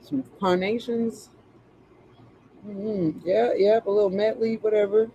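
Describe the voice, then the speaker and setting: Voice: medium pitch, steady tone, a little slow, warm tone, dull audio, slight background noise. A tarot reader in casual live-stream chat, joking and chatty with plenty of slang.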